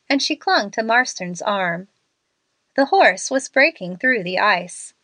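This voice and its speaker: A woman's voice: measured pace, dry recording. A woman narrating a storybook, lifting her voice for the young women's lines. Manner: expressive, lifts pitch for the young women's lines. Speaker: audiobook narrator.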